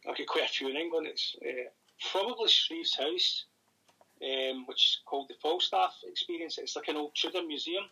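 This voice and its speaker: A Scottish man in casual interview chat, rambling and thinking aloud with many pauses. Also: fairly high pitch, sharp tone, breathy edge, rough recording. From Scotland. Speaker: paranormal investigator and author.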